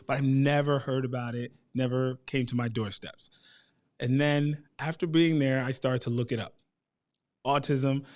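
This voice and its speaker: A man in his thirties telling a personal story at a community town hall, animated and acting out what people said. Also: medium pitch. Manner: animated, acts out quotes.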